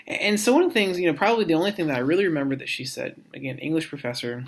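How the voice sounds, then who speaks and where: A man's voice: fairly high pitch, vocal fry. A man giving a recorded course lecture as an instructor. He speaks reflectively, restarts often and repeats words as he works out his thoughts. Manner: reflective, halting, frequent restarts and repetitions.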